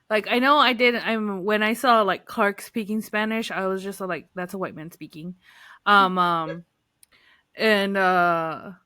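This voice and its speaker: Animated woman with a bright voice. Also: mid-range voice, dry recording, clean studio sound. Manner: animated storyteller, acts out her own inner voice with "I was just all like". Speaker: podcast co-host. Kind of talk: casual chat about comics.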